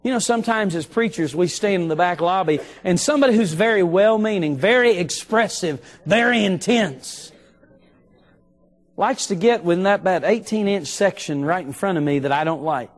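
A middle-aged male preacher delivering an evening sermon in a church, telling a story and slowing down to stress key phrases. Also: sits high. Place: church sanctuary.

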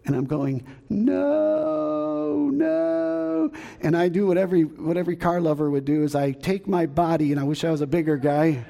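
Animated Southern pastor telling a story. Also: male voice, on the high side, fast talker, hardly any pauses, big-room sound. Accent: Southern American. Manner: animated, acts out shouts and sounds, chuckles at his own jokes. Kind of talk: storytelling sermon. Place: church sanctuary.

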